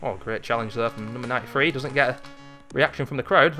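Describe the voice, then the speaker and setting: A man in his thirties giving casual play-by-play of a retro hockey video game, chatty and wandering, jumping into excited calls. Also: medium pitch, fast talker, soft background music. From Britain. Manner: chatty, drifts into memories, rises into excited calls at goals. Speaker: gaming video host.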